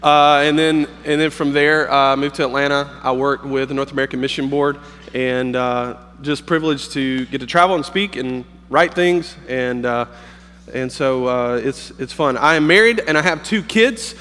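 A man's voice: mid-range voice, a bit bright, slight background noise. A man in his thirties, a pastor, preaching in a humorous, storytelling way with plenty of fillers and restarts. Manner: joking, storytelling, halting with fillers. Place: campus worship hall. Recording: long hall reverb.

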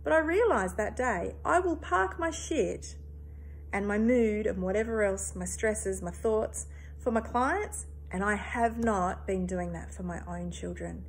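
A woman's voice: mid-range voice, measured pace, a little hiss or hum. A woman in her thirties, a therapist, talking earnestly and emphatically in a personal reflective monologue, swearing casually.

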